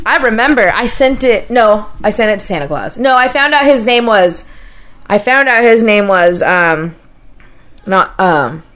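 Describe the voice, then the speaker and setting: A woman's voice: medium pitch, expressive, unhurried, fairly bright tone. Profane rambling woman in her thirties. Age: 30s. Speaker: podcast co-host. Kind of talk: casual chat.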